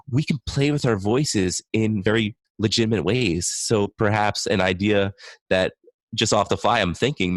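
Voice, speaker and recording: A man with a somewhat low voice speaks without any echo. He's a guest on a podcast interview, an enthusiastic speech-language pathologist who thinks out loud.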